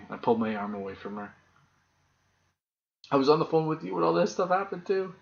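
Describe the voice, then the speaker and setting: A man co-hosting a casual podcast, telling stories with lots of swearing and animated retelling. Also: a little high, a little fast, vocal fry. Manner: profane, animated storyteller. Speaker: podcast co-host. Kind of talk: casual chat. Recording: dull lo-fi podcast audio.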